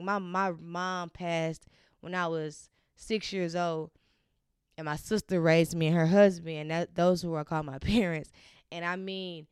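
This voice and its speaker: Smooth-voiced young woman podcast host. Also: on the low side, no room sound, studio quality. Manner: heartfelt, chatty, many fillers and restarts. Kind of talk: casual solo podcast chat.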